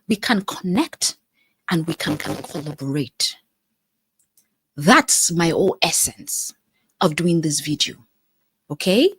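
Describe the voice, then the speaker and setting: A woman's voice: deep voice, sing-song, slow, pauses often, fairly bright tone, slightly rough, no room sound. A woman from Nigeria hosting a live stream, speaking earnestly and repeating phrases for emphasis as she answers viewer comments. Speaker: live-stream host, life coach.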